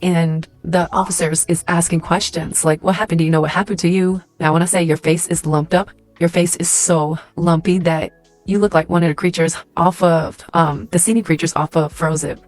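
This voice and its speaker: A woman's voice: lowish voice, level tone, moderate pace, a little mellow, no echo, soft background music. A woman telling a dramatic story in the second person, in a casual, rambling way full of fillers. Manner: rambling, heavy use of "like" and "and stuff like that". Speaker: storyteller in a social media clip.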